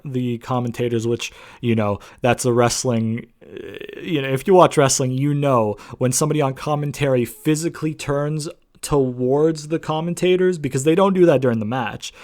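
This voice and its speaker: A man's voice: mid-range voice, darkish tone. A young man giving a casual, rambling recap of a wrestling show, full of fillers and casual swearing.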